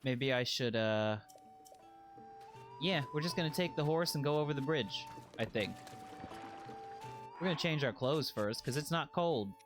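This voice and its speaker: A man streaming a video game, chatting in a playful, joking way and breaking into excited squeals. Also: mid-range voice, unhurried, pauses often, over music. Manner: puts on a put-on accent by habit. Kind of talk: casual let's-play commentary.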